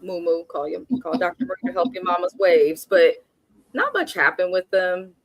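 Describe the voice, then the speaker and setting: A woman's voice: lowish voice, lively intonation, moderate pace, dry recording. A woman from Oakland, California giving a blunt, sassy recap of a reality TV episode in casual chat. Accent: African American Vernacular English speaker from Oakland. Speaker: reality TV review host.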